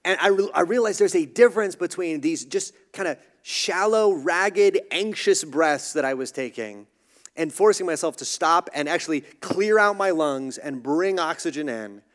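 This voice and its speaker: Preaching in a relaxed, chatty way, this male pastor jokes at his own expense and performs the voices of the people in his anecdotes. His pitch is a little high and a bit bright, his intonation lively, and his speed normal.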